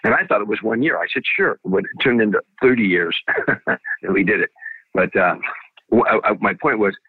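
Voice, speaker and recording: A man's voice: lowish voice, moderate pace, slightly rough, no room sound. Older man telling stories over a tinny line. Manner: anecdotal, many restarts and "you know"s. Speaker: guest comedian. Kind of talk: storytelling interview. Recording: phone-like, dry.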